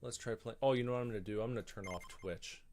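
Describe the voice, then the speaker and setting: A man's voice: fairly low pitch, very fast, darkish tone, a little hiss or hum. A man giving casual, rambling commentary while streaming a video game, thinking aloud and grumbling as he goes. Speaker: gaming streamer.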